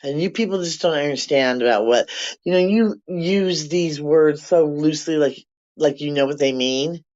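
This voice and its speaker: Older vlogger, profane rambling rant, mid-pitched, lo-fi apartment recording. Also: moderate pace, a little mellow. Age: 60s. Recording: dull lo-fi sound.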